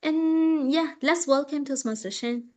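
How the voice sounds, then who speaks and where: A woman hosts a speaking club meeting, thanking the last speaker warmly and calling up the next. Her voice sits high and bright. She sounds cheerful and effusive. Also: measured pace. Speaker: meeting host.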